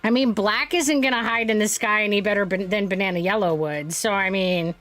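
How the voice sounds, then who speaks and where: A woman streaming a video game, chatting casually, animated and prone to giggling. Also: medium pitch, fairly quick, soft background music. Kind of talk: casual gaming stream chat.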